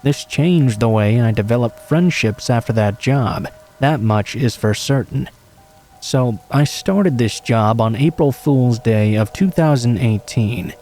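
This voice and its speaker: A man calmly reading true horror stories aloud as a scripted narration. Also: medium pitch, unhurried, a little hiss or hum.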